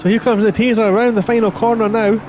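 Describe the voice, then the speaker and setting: High-voiced man calling a sim race. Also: level tone, quick pace, muffled recording, slight background noise. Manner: chatty, reads stream chat aloud between race calls. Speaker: sim racing commentator. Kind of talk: live race commentary.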